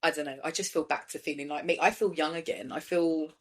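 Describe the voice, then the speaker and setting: A woman in her thirties hosting a podcast, chatting in a blunt, sweary, animated way and laughing often. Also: sits low, fast talker. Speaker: podcast host. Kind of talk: casual chat.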